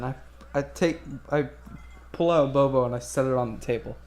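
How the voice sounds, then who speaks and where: A man's voice: medium pitch, fairly quick, darkish tone. A man playing a tabletop game, describing his character's actions hesitantly, with repeated words. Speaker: player.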